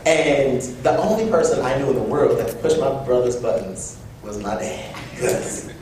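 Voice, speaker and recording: A man's voice: medium pitch, normal speed, a crowd in the background. Young man speaking from far off in an echoey room. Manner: animated, acts out quoted voices. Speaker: event speaker. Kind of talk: personal storytelling speech.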